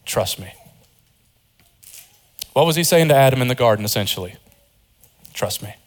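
A man preaching a sermon as pastor, earnest, rising to high emphatic peaks and dropping low and quiet, with informal joking asides.

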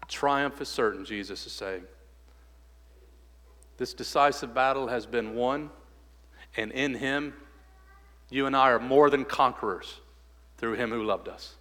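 Male pastor preaching, goes loud and urgent then soft and hushed in prayer, long church reverb. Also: moderate pace, long pauses. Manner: rises loud on exhortations, drops soft and low in prayer. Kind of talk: sermon with closing prayer. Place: church sanctuary.

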